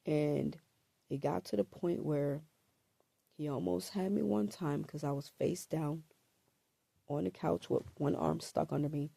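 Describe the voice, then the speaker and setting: A woman telling her own story to camera in a halting, hesitant way, repeating words and filling pauses, with a throat scratchy from allergies. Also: low-pitched, fairly even intonation, vocal fry, warm tone, slightly rough, no echo.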